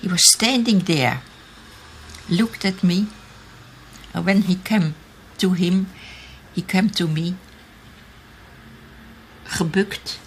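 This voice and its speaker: An older woman speaks English slowly, her roots plain in every phrase. She pauses and restarts as she hunts for words, in a lowish voice with faint noise behind. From Austria. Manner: halting, searching for English words. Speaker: interviewee, eyewitness. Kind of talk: recalled testimony in an archive interview.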